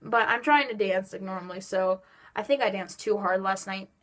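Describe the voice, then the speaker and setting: A woman's voice: medium pitch, moderate pace. A teenage girl telling a story to her phone camera in casual chat, with a stiff sore neck and lots of "like" fillers. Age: teens. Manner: animated storytelling, lots of "like" and "just like". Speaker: vlogger.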